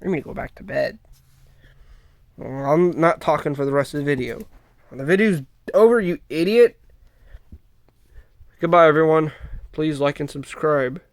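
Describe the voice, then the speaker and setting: A man's voice: a little high, fairly even intonation, normal speed, long pauses, no room sound. A man performing a casual comedy skit, stammering and bickering in an exasperated way. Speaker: comedy video creator voicing several characters.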